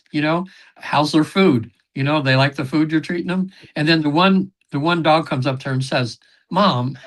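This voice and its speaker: A man guest on a podcast, telling long rambling stories about his sessions, with many fillers, throat clearing and quoted voices. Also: fairly high pitch, fairly bright tone. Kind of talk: casual interview storytelling.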